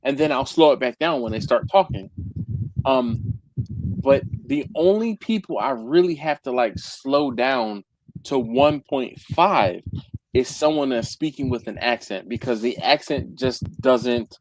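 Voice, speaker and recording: A man hosts a casual live chat in a medium-pitched, lively voice at an unhurried pace, rambling and tripping over repeated words. When he acts out quotes, his voice jumps dramatically. The low-quality recording carries slight background noise.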